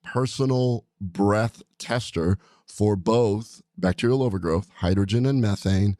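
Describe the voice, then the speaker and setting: A man with a lowish voice hosts a casual podcast chat in a studio. He rambles along in an upbeat, excited way. The sound is close and dry. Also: measured pace, no room sound. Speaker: podcast host, doctor.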